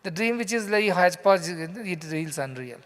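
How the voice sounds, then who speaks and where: A man's voice: high voice, animated, moderate pace, a bit bright. A man with an Indian English accent gives a scripture lecture to a live audience in a large hall, telling stories and putting questions to the listeners. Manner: conversational storytelling, asks the audience questions. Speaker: spiritual teacher. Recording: reverberant hall.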